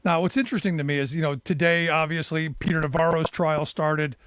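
A talk radio host, a man with a fairly high voice, chats frankly with his guest and often restarts his sentences. The studio sound is dry and close, with no room echo. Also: steady tone, brisk, a bit bright. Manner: conversational, frank, stumbles and restarts. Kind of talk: casual talk radio interview.

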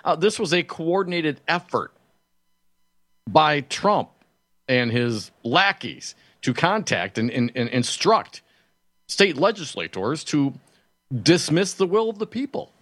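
A man's voice: on the high side, big pitch swings, slow, fairly bright tone, dry recording, clean studio sound. A man hosting a radio talk show, stammering through restarts as he builds indignant political points. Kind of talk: casual political chat. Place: radio studio. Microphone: studio microphone.

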